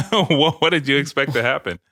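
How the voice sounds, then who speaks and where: A man's voice: fairly high pitch, expressive, normal speed, bright, forceful tone, no room sound, clean studio sound. A man hosting a casual podcast, joking around, laughing often and swearing freely. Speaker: podcast host.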